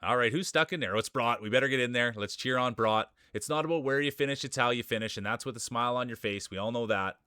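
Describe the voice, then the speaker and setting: Man, stream host, hype race calls, bright forceful voice, smooth and dry close mic. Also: mid-range voice, quick pace, hardly any pauses, no echo. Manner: hype announcer calling names, upbeat. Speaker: streamer hosting marble races. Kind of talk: live-stream race commentary.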